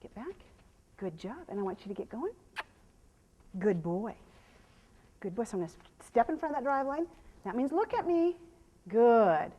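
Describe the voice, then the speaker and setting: A woman horse trainer giving a live demonstration, explaining to viewers and softly praising the horse, sometimes dropping to a hush. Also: medium pitch, normal speed, pauses often, dull audio. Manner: drops to a hushed whisper when calming the horse.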